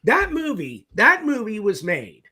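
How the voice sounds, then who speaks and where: Animated, bright-voiced man telling stories. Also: high-pitched, unhurried, slightly rough. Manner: lively, profane, acts out both sides of conversations. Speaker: film director, interview guest. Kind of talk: animated storytelling in a casual interview.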